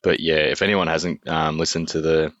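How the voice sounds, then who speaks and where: A man, a father co-hosting a podcast, talking in a relaxed, hesitant way with many fillers. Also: very deep voice, normal speed. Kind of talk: casual podcast chat. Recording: dull, dry muffled mic.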